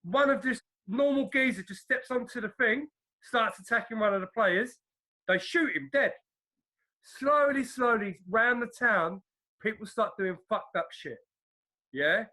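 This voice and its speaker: A man, retelling a film in relaxed slang during a casual chat. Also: high voice, a little slow.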